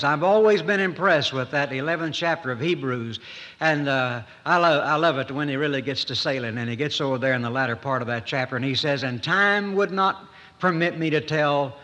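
A man preaching a sermon in a folksy manner, with dramatic pauses and rising emphasis. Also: medium pitch, bright, forceful tone. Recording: echoey hall.

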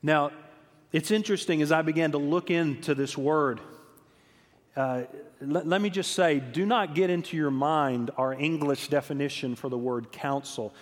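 A man's voice: on the high side, moderate pace, long reverb tail. A man preaching a sermon, telling revival stories emphatically and often repeating words as he builds his point.

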